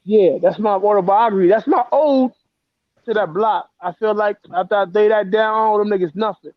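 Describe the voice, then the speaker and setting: Appearing on a talk show as a guest author, a Bronx, New York man with a strikingly high voice tells his story bluntly, profanely, and with emotional heat at a normal speed. The audio is dry and close, echo-free, with a dull lo-fi quality.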